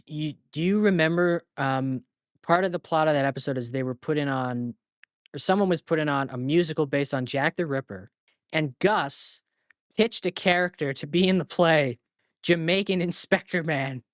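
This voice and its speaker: A man's voice: on the high side, moderate pace, no room sound, studio quality. A man co-hosting a casual movie podcast who laughs often and tells dad jokes. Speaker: podcast co-host.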